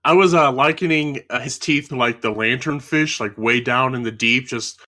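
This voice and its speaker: Man podcast co-host, bright, tense tone, laid-back and halting. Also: mid-range voice. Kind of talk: casual chat.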